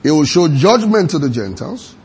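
A man preaching a sermon, reading scripture aloud slowly and quizzing his congregation with repeated questions. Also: fairly high pitch, very animated, a little mellow, breathy edge.

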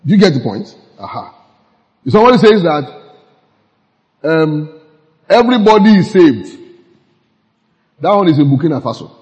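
Pastor preaching in an echoing hall. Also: male voice, fairly high pitch, big pitch swings, normal speed, pauses often, darkish tone. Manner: laughs often, asks the audience if they follow. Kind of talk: conversational sermon. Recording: muffled sound with long hall reverb.

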